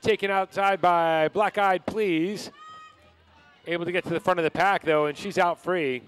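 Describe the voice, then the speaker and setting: An announcer calling roller derby action live in brisk play-by-play. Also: medium pitch, fairly even intonation, clear, resonant tone. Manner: brisk play-by-play of skater moves. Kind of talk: live sports commentary.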